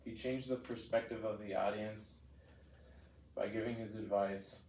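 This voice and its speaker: A young man giving a class presentation that analyzes a speech, halting and reading from notes. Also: fairly low pitch, steady tone, darkish tone. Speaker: student presenter. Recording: echoey room from a distance, light noise.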